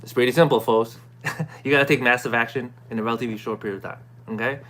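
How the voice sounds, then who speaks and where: A man casually recapping a self-help course to his viewers, clearing his throat often and checking in with "right?" and "okay?". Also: medium pitch, fairly even intonation, quick pace, fairly bright tone. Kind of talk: casual talking-to-camera recap.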